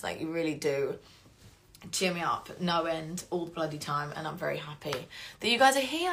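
A woman's voice: lowish voice, a bit bright. A woman with an English accent chatting casually to fans on a live-stream Q&A, rambling, swearing freely and getting emotional. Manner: gets emotional and laughs often. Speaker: voice actress hosting a fan Q&A stream.

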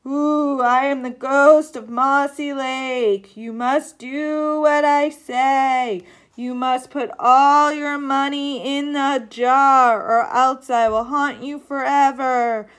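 A menacing ghost drags out every word in a big spooky moan, as a woman reading a storybook puts it on. The voice sits high and stretches slowly. It booms out its demands. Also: steady tone. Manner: slow, drawn-out, booming spooky delivery. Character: moaning sheet-draped ghost, menacing and demanding.

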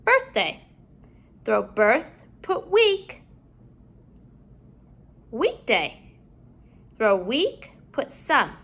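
A woman teaching a phonics lesson to young children at home, drawing out each word slowly and clearly. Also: a little high, sing-song. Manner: slow, drawn-out modeling of words, bright sing-song emphasis.

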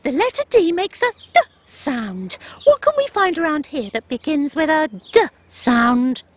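A woman's voice: high voice, big pitch swings, unhurried, background noise. A woman voicing a cheerful, bossy female panda puppet on a children's TV show, coaxing patiently like a schoolteacher. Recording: music bed under the voice. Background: music.

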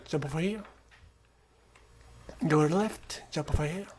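Brief: slow, even-pitched let's-play host with a non-native accent, calm, coaching, often hushed. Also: a little hiss or hum. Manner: calm, coaching the game character, often dropping to a hushed whisper. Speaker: gamer. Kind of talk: gameplay commentary.

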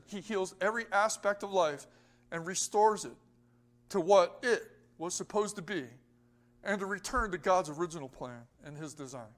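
Male pastor, high voice, emphatic sermon delivery with rhetorical questions. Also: fairly bright tone. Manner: emphatic preaching that rises and falls, with rhetorical questions to the congregation.

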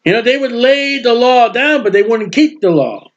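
Male preacher, high voice, emphatic sermon delivery, dull lo-fi recording. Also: lively intonation, moderate pace. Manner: emphatic, swings between loud proclaiming and low asides.

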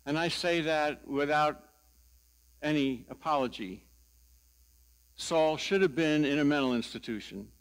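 Speaking a little high, an elderly pastor preaches, unhurried and deliberate as he tells stories with a dry, wry wit.

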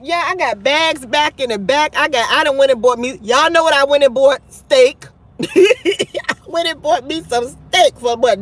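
A woman's voice: high-pitched, fairly bright tone. A woman hosting a casual livestream, chatting with viewers, laughing often and trash-talking bluntly. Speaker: livestream host.

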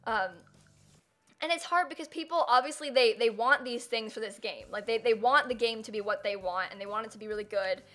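A woman's voice: on the high side, a bit bright. A young woman streaming live, chatting casually and rambling with lots of fillers as she reads chat and thanks viewers.

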